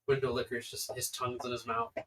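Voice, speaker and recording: A man's voice: mid-range voice, little pitch movement, fast, distant mic, background noise. A man running a tabletop game as game master, describing scenes in a casual, rambling way.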